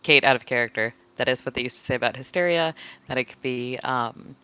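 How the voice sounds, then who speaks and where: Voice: mid-range voice, brisk, bright, forceful tone, smooth. A tabletop game player explaining something out of character in a wry tone. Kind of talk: casual out-of-character chat.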